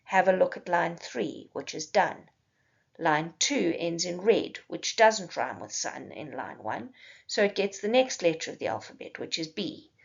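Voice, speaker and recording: A woman teacher giving a slow, careful recorded slide lesson, spelling out examples step by step. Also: on the low side, lively intonation, gravelly, breathy edge, dull audio.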